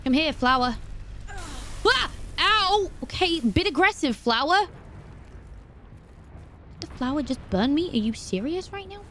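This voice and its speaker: A woman playing a video game, talking to herself in an animated way and breaking into startled exclamations. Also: high voice, normal speed, pauses often, a little hiss or hum. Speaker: let's play host. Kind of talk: gaming commentary.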